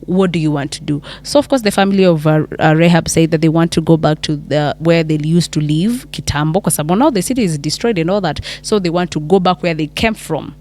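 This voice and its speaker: Kenyan woman storyteller, lower voice, chatty, code-switching retelling. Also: fast, few pauses. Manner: animated, mixes English and Swahili, many restarts. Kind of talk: casual Bible story retelling.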